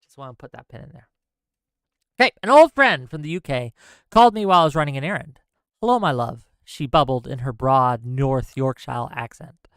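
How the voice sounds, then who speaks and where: A man hosts a political commentary stream, alternating between heated, profane rants and reading an essay aloud. His voice is smooth and clear at medium pitch. The sound is close and dry, with no room echo. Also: expressive, brisk, fairly bright tone. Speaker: stream host.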